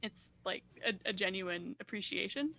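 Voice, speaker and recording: A young adult woman co-hosting a podcast, chatting casually, quick to laugh and agree. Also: mid-range voice, expressive, vocal fry, sharp tone. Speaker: podcast co-host. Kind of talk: casual chat.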